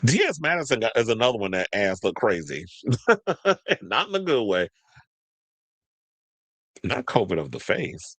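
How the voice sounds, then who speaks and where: A man with a low voice hosts a gossip show, talking sassily and chatty, full of slang asides. His voice sounds close and dry, with no room around it. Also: big pitch swings, unhurried, long pauses, fairly bright tone, no echo. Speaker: celebrity gossip show host. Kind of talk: casual commentary, reading news aloud.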